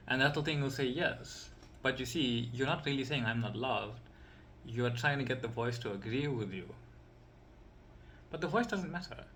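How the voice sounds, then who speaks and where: A man at an ordinary middle pitch gives an informal coaching lesson, drawing with a pen as he goes. His talk wanders and circles back on itself, and he keeps asking "right?" or saying "you see". A faint noise sits under his voice. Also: fairly bright tone. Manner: rambling, repeats himself, keeps checking in with "right?" and "you see"; chuckles now and then while explaining. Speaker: empowerment coach. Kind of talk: informal spoken teaching.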